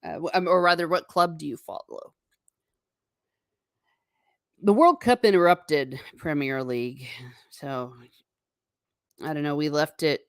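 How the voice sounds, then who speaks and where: Female host, American, casual and laughing, low-pitched, dry recording. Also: moderate pace, no echo. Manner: chatty, laughs often, reads viewer comments aloud. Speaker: livestream host reading chat. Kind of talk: casual chat.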